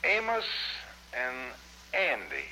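A man's voice: mid-range voice, wildly swooping pitch, slow pace. A man acting in an old radio comedy, chatty. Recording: noisy old radio broadcast.

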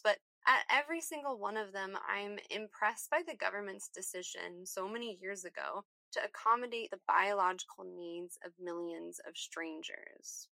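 A woman reads a personal essay aloud in a reflective, lightly humorous tone. Her voice is bright with a gravelly edge, and the recording is close and dry. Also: medium pitch, no room sound. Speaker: guest essayist. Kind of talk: scripted personal essay reading.

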